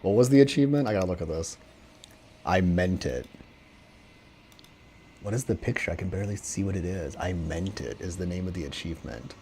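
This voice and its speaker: Excitable, swearing male streamer. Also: low voice, a little fast, long pauses, a little hiss or hum. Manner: excitable, swears a lot, reads game text aloud. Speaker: gaming streamer. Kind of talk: let's play commentary.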